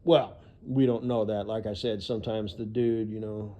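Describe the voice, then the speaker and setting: A man's voice: lowish voice, fairly even intonation, moderate pace, warm tone. A man vlogging in a casual, rambling monologue, profane and full of "you know" fillers.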